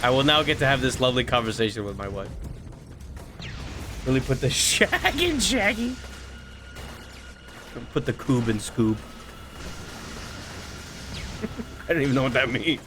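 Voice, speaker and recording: A man's voice: mid-range voice, very animated, measured pace, pauses often. A man streaming a video game and commenting casually, full of crude jokes and self-mocking banter. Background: game music and gunfire.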